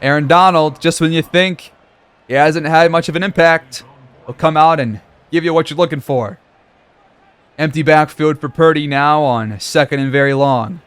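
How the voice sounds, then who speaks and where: A man giving play-by-play commentary over a football video game, reacting loudly to big plays. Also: fairly high pitch, normal speed, clear, resonant tone. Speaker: gaming commentator.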